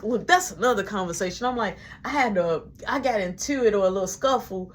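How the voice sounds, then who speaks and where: A woman telling a long personal story in casual slang, animated and acting out every voice. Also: medium pitch, brisk, a little hiss or hum.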